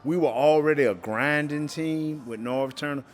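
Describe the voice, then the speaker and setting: A man's voice: a little high, moderate pace, slight background noise. A middle-aged man, a former pro football player, telling stories as a guest in a casual interview and acting out the voices of the people in them. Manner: animated storyteller who acts out quoted voices and laughs often.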